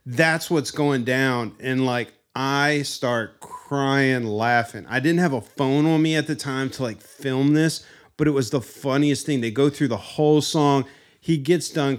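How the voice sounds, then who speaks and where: Animated male podcast host telling stories. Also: mid-range voice, a little slow. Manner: animated, acts out scenes with funny imitations. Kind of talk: casual storytelling chat.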